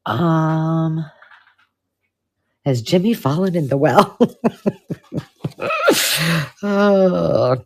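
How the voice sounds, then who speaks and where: A woman hosting a live craft unboxing, chatting casually and gushing over old paper finds, sometimes dropping to a hushed whisper. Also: sits low, drawn-out words, long pauses. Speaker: craft channel host.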